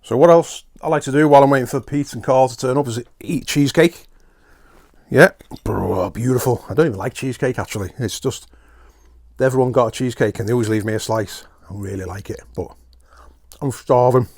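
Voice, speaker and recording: A man's voice: medium pitch, brisk, darkish tone. A man hosting a podcast, rambling through a chatty, self-mocking solo comic monologue. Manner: talks while eating at times. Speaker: podcast host.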